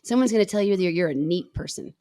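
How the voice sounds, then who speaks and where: A woman with a mellow, low-leaning voice co-hosts a podcast, speaking quickly in clean studio sound with no room echo. She chats casually and tells stories, acting out the voices in her quotes.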